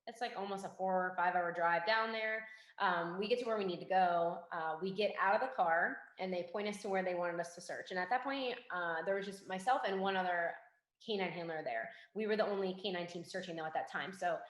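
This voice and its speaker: A young woman, a forensic investigator, telling a story in a casual interview and acting out the quoted dialogue in a lively way. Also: fairly low pitch, fairly quick. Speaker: guest, forensic investigator and K9 handler. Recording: roomy echo.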